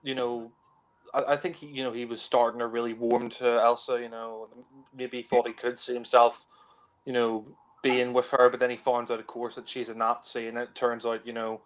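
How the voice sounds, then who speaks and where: A man talking over a movie in a relaxed commentary. His pitch sits in the middle, and he hedges and restarts his sentences with plenty of "you know". It sounds like a home mic. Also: normal speed. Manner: hesitant, many "you know" fillers and restarts. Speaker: film commentator. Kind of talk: casual film commentary chat.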